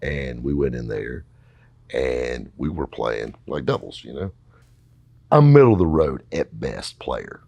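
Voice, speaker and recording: A man's voice: rumbling low, sing-song, measured pace, gravelly, mellow, slightly rough, dry recording. A middle-aged man telling a long story casually, rambling and folksy, with lots of fillers. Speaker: podcast host telling a story.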